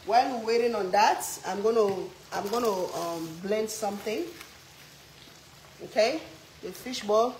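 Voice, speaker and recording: A woman's voice: medium pitch, measured pace, darkish tone, slight background noise, poor audio. Playful African woman cooking and chatting. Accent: African English. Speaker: cooking vlog host. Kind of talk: casual cooking chat while reading viewer comments.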